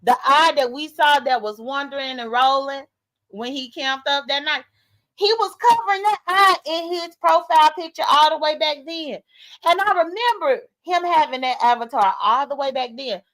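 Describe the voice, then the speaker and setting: A woman hosting a casual livestream, commenting on drama and reading viewer comments aloud, animated and talking straight to her audience. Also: sits high, moderate pace, low-quality recording. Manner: animated, talks straight to viewers, rhetorical questions. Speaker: YouTube commentary host.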